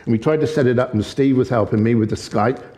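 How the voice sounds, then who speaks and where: A man's voice: mid-range voice, fast. Impassioned male preacher in an echoey hall. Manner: impassioned, gets excited and loud. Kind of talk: sermon. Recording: long echoey hall reverb.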